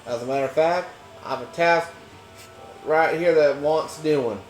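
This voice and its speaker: Brief: man playing a homespun Texan wrangler, slow drawl, slightly raised pitch, echoey room. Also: close to an everyday voice. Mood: folksy. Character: folksy friendly male ranch wrangler. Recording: echoey room, game music behind.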